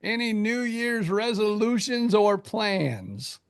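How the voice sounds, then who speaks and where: Older male co-host, high gravelly voice, rambling joker. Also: expressive, takes it slowly. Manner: rambling, joking storyteller. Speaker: podcast co-host. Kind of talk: casual chat.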